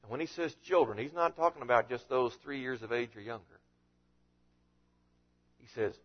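A man preaching a sermon as a pastor, with animated delivery and frequent rhetorical questions. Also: mid-range voice, moderate pace, pauses often, highs cut off.

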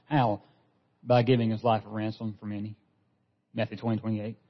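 A man's voice: fairly low pitch, level tone, moderate pace. A man preaching a sermon as pastor, earnest, often repeating a word as he restarts a phrase. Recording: dull lo-fi sound with long hall reverb.

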